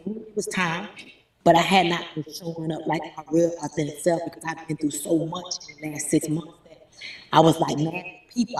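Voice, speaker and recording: A woman telling stories in an animated, emphatic way as a guest, speaking from home. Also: lowish voice. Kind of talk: casual interview talk. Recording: roomy echo, distant mic.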